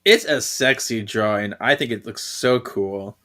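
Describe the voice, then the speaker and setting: A bright-voiced podcast co-host recaps a comic in casual chat, speaking a little slowly. He's animated, acting out the characters' lines with big leaps in pitch.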